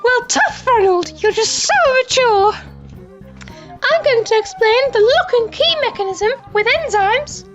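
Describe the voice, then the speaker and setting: A man doing a shrill bossy schoolgirl. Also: lively intonation, measured pace. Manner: scolding, lecturing, very high-pitched. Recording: dull lo-fi audio with faint music.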